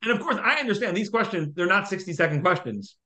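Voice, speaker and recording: A man's voice: high-pitched, expressive, fast, bright, forceful tone. A man hosting an interview in a casual, playful and teasing way, keeping the time. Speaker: host.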